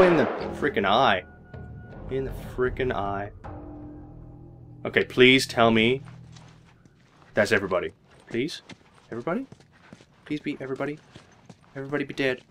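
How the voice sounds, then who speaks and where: A man doing jokey, excitable gameplay commentary, yelping and muttering as he plays. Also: medium pitch. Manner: excitable, jokey, swears mildly, yelps when hit. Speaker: let's play gamer. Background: game music.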